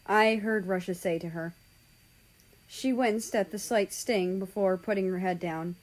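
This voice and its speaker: A woman reading a fan story aloud in slow, measured narration. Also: lowish voice, darkish tone, rough recording. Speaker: story reader.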